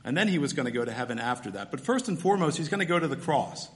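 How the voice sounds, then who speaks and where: A man preaching a sermon, teaching through a scripture passage step by step in a relaxed, conversational way. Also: a little high, very fast. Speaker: pastor.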